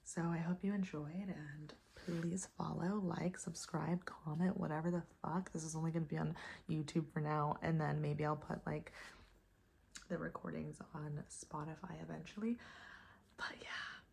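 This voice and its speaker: A young woman vlogger casually telling a dating story, animated, swearing and exasperated. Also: low-pitched, moderate pace, creaky, slight background noise.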